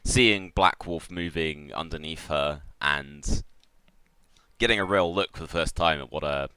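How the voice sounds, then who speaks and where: A man with a very low voice and a clear, bright tone runs a tabletop role-playing game. He narrates in loose, descriptive talk with plenty of fillers, and his voice sounds dry and close. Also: unhurried, no echo. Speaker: game master.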